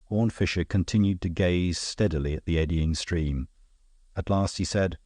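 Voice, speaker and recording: A man narrating an audiobook in a steady, measured reading style. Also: extremely low pitch, dry recording. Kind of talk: scripted narration.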